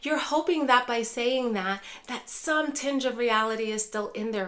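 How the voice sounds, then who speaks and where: A woman's voice: a little high, unhurried, hardly any pauses, a bit bright. A woman neuropsychologist teaching dementia caregivers in a direct-to-camera lesson, repeatedly addressing viewers as care partners.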